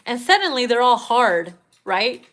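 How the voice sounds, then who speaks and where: A woman's voice: a little high, a little slow. A woman giving a casual tarot reading, swearing freely and laughing often. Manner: profane, laughing, animated. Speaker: tarot reader.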